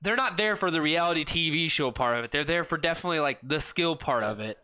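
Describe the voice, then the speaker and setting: A man's voice: a little high, expressive, fast, bright, forceful tone, clean tone. A young man chatting on a casual podcast, rambling through many fillers and swearing freely. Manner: rambling, filler-heavy, profane. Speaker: podcast co-host. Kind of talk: casual chat.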